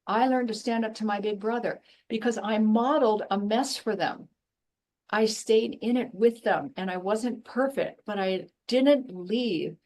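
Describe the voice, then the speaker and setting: Woman on a podcast, blunt and fired up, talks straight, mid-pitch voice, jumps up loud when making a point. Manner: blunt, emphatic, animated storytelling. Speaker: guest, former professor and intuitive. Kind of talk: passionate conversational interview.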